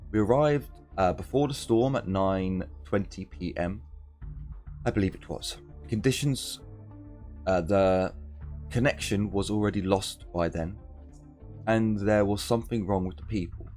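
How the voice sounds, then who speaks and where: A man's voice: on the low side, a little slow, a little mellow, soft background music, lightly acted. A man voicing a frightened, grieving woman survivor, talking anxiously and urgently. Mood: distraught.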